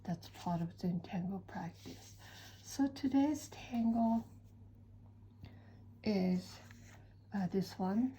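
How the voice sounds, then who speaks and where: A woman giving a calm step-by-step drawing tutorial, soft-spoken and often dropping to a near whisper. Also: medium pitch, slow, long pauses, a little hiss or hum, low-quality recording. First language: Japanese. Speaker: certified drawing-art teacher.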